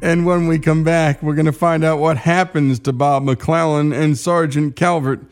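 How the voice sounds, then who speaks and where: A man hosting a radio show, introducing the next segment in a smooth announcer delivery. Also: on the high side, fairly even intonation, moderate pace, soft background music.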